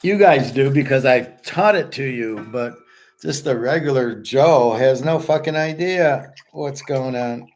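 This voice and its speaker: A man holding forth in a loose, rambling monologue. He talks bluntly and swears freely, and his voice sits at an ordinary middle pitch. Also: a little slow. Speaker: host. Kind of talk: casual monologue.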